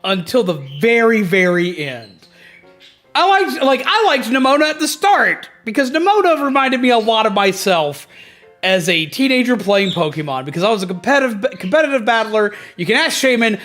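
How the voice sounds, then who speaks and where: A man's voice: extremely high pitch, moderate pace. A man streaming a video game, ranting in casual commentary with lots of swearing. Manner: animated, profane ranting. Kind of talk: casual gaming livestream commentary. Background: faint background music.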